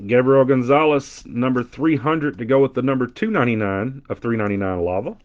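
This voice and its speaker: A man's voice: medium pitch, a little fast. Joking Southern man with a twang. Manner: joking, animated banter with chat, loud impressions. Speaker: card breaker. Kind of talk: casual live card-break chat. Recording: dull lo-fi stream audio.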